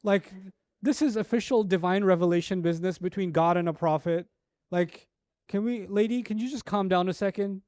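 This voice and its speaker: A man's voice: sits high, moderate pace, darkish tone, smooth, no echo, clean studio sound, natural voice. A man voicing polite, exasperated male angels who speak in a formal, pleading, mock-bureaucratic way.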